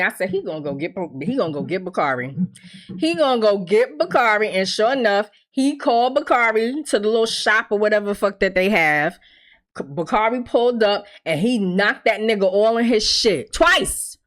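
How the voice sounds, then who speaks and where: A woman talks through a TV episode in a casual recap. Her pitch swings up and down a great deal. She is blunt and profane, and she acts out the characters' lines herself. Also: lively intonation, a little fast, a bit bright.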